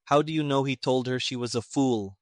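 A man's voice: mid-range voice, a little fast, darkish tone, no echo, natural voice. A man reading the part of an irritated middle-aged army colonel who talks sarcastically and emphatically.

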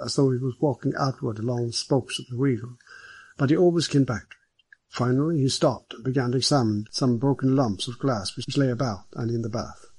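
Audiobook narrator, man, husky voice, measured reading, dry close recording. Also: medium pitch, darkish tone, no echo. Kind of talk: scripted mystery narration.

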